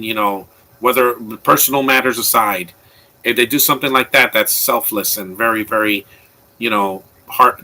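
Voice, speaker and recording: A man's voice: medium pitch, bright, forceful tone, poor audio. A man giving casual, opinionated live commentary on a movie, rambling with frequent restarts. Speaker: film commentator.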